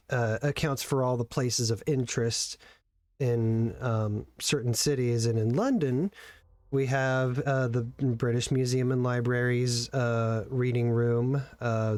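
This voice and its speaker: A man acting as game master, narrating and explaining slowly with many pauses and fillers. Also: mid-range voice, darkish tone, no room sound. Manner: slow and halting, many ums.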